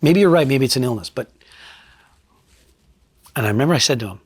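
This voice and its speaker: A middle-aged retired state trooper from New Jersey telling a case story in an interview, blunt and profane, dropping low and quiet for emphasis. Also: male voice, animated, normal speed, long pauses, slightly rough, dry recording.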